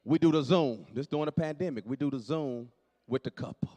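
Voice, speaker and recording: A man doing stand-up comedy in a church, telling stories with animated delivery, acting out dialogue and shouting punchlines to a live audience. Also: mid-range voice, fairly quick.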